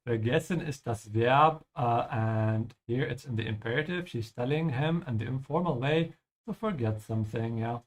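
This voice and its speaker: Male language teacher, patient, explanatory, frequent check-ins, mid-pitched voice. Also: moderate pace, few pauses. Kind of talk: explaining vocabulary over gameplay.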